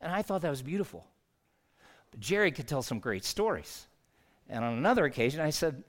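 A man's voice: on the high side, sing-song, a little fast, pauses often. A man, a pastor, preaching a sermon in an earnest, conversational storytelling way.

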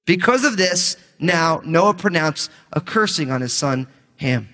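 A male pastor teaching the Bible in a relaxed, conversational way, with jokey asides between scripture readings. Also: on the high side, measured pace, in a large hall.

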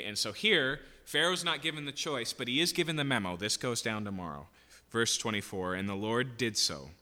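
A man's voice: fairly low pitch, bright, forceful tone. A man teaching a Bible passage verse by verse in a conversational way, often checking in with "okay?" and "right?". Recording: long hall reverb.

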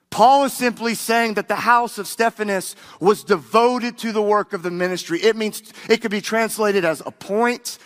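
A man's voice: high voice, a bit bright. A male pastor preaching a sermon, speaking emphatically and having the congregation repeat words back to him. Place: church sanctuary. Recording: long reverb of a large hall.

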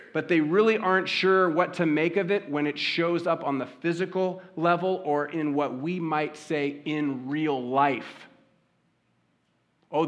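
A man's voice: high-pitched, fairly bright tone. A man delivering a sermon in a conversational style, telling stories and asking the congregation rhetorical questions. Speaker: pastor.

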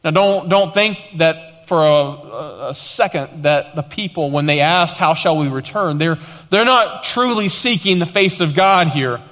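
A pastor preaching a sermon, a man with a somewhat high, bright and forceful voice. He hammers points through repetition and acts out quoted lines. The sound rings with long reverb, as in a large hall. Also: animated, unhurried.

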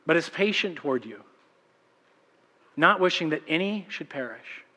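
A man's voice: fairly high pitch, moderate pace, in a large hall. A man preaching a sermon as pastor, telling stories animatedly and acting out voices. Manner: animated storytelling, acts out voices. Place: church sanctuary.

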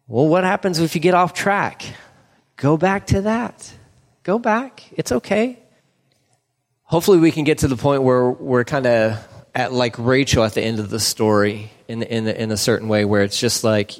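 A man's voice: medium pitch, lively intonation, moderate pace. A man preaching a sermon as pastor, earnest, repeating phrases for emphasis and stumbling over restarts. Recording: long hall reverb.

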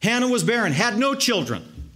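A man preaching a sermon, emphatic, stacking repeated words into long lists and slowing down to stress key words. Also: high-pitched, big pitch swings, pushed and bright. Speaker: pastor.

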